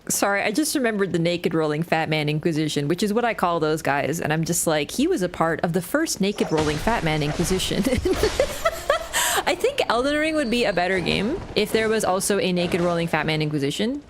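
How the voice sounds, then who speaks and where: A woman's voice: fairly low pitch, big pitch swings, normal speed, noisy background. A woman streaming a game live, chatting casually, swearing freely and often bursting into laughter. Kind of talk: casual live-stream commentary while playing.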